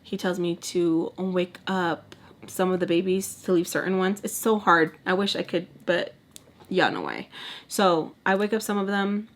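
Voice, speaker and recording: A woman vlogger telling a storytime in a casual, animated way, acting out the people in it, swearing freely and dropping in Spanish words. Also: fairly low pitch, measured pace. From Texas. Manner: animated, swears a lot, acts out voices, mixes in Spanish.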